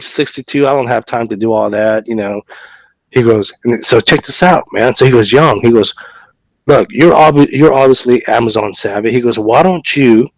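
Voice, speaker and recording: A medium-pitched man co-hosting a podcast, getting over a cough and fever, recounts a long story in loose, chatty fashion. Fillers, repeated words and restarts run throughout as he performs both sides of a conversation. The recording is dry and low in quality.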